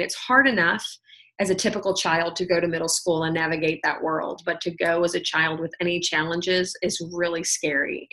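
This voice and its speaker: A woman's voice: lowish voice, sharp tone, rough recording. A woman tells her personal story on a team call. She talks in a chatty, storytelling way, full of "like" and "oh my gosh". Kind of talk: personal testimony on a conference call.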